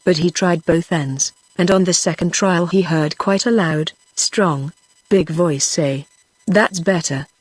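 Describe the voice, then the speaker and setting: A text-to-speech woman's voice with a British English accent, reading a children's storybook aloud in an even, steady way. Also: on the low side, a little slow, no room sound. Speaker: audiobook narrator. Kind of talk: scripted narration.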